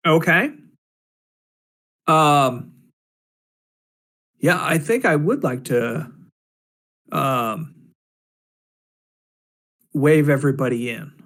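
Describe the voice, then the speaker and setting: A man taking his turn in a tabletop game, pausing often with ums as he decides. He talks slowly in a somewhat higher voice. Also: animated, fairly bright tone. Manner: hesitant, with many ums. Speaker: player. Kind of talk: casual tabletop game chat.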